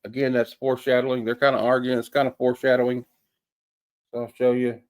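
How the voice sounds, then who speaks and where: A man's voice: mid-range voice, little pitch movement, quick pace. A man casually reviewing a comic, rambling along with many fillers and folksy sayings.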